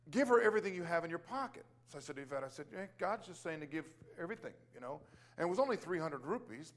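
A male preacher telling a testimony as a sermon, animated, with repeated starts and exclamations of praise. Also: a little high.

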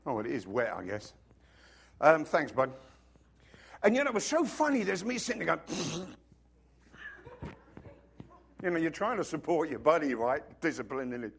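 A man preaching from the pulpit, his pitch sitting a little high and leaping all over the place as he tells his stories. He swings between loud bursts and hushed asides, and he is nursing a cough. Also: normal speed, creaky, long pauses, a little hiss or hum. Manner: animated storytelling, sudden swings from loud to hushed. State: has a cough. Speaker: pastor. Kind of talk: sermon.

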